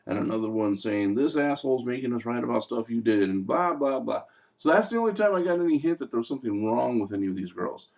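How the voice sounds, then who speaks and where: A man's voice: fairly low pitch, a little mellow. A man giving a casual, rambling movie review, full of fillers, digressions and jokey asides. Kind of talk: casual film review vlog.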